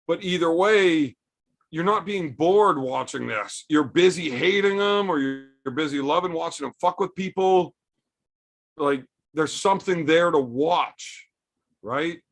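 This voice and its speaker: A man with a gravelly, fry-laden voice pitched a little above the usual, talking casually on a livestream as he answers viewers' super chats. He rants bluntly and swears freely, building his points with repetition and tough talk. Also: a bit bright. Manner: blunt, profane, ranting. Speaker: arm wrestler hosting a livestream.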